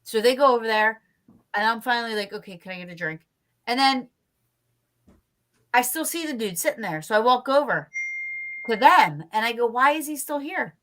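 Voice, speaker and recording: A woman's voice: on the high side, lively intonation, normal speed, long pauses, fairly bright tone. A woman co-hosting a casual chat show, telling a story bluntly and animatedly with plenty of swearing. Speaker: podcast co-host.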